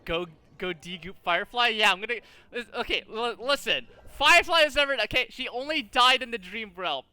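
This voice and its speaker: A man streaming a game, chatting casually, animated and exasperated, swearing often at a desk mic. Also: extremely high pitch, fairly quick, smooth, no room sound, faint music behind. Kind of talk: casual livestream chat while gaming.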